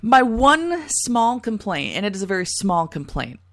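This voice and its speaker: A woman co-hosting a casual chat, talkative and quick to laugh, swearing now and then. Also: medium pitch, very animated, no echo.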